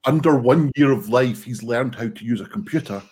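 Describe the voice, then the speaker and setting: A man hosting a casual online comedy show, relaxed and joking as he wraps up a round. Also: mid-range voice, a little fast, husky. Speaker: show host. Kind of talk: casual live-stream chat.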